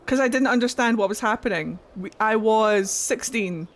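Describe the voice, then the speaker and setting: A woman streamer in casual chat, swearing freely as she tells an animated story. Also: a little high, moderate pace.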